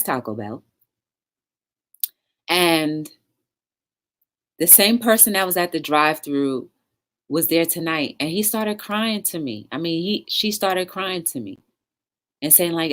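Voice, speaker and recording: A woman's voice: low voice, a bit bright. A woman hosting a casual livestream talk show, chatting with viewers in the live chat and encouraging them.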